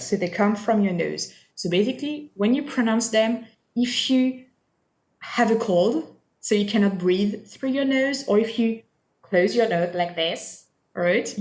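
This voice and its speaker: A woman's voice: mid-range voice, darkish tone. A woman teaching pronunciation in a recorded lesson, patient and repetitive, often checking in with the listener. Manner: patient, repeats sounds and checks in with "all right?". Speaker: French teacher. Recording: echoey room.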